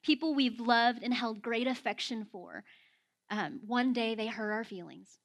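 A woman preaching a sermon, telling a story and acting out the quotes with rising excitement. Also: fairly high pitch, a little slow.

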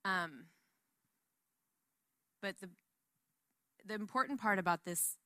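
Chatty woman teaching the Bible, bright voice. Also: mid-range voice, slow pace, no room sound, studio quality. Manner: chatty and animated, with many asides.

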